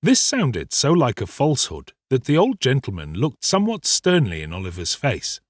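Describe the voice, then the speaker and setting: A man narrating a dramatic audiobook in an expressive, theatrical storytelling manner. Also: medium pitch, moderate pace, dry recording, studio quality.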